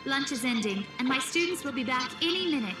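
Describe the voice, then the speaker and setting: A stubborn, caring British teacher, high voice, roomy game mix with music. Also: female voice, animated, fast talker. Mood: cheerful. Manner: gentle, reassuring, fussing. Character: caring, stubborn young woman teacher, unwell. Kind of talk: game dialogue.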